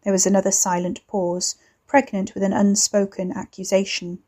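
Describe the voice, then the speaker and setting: A woman narrating a serialized novel in a steady, measured storytelling voice. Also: mid-range voice. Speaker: author and reader. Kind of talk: audiobook fiction narration.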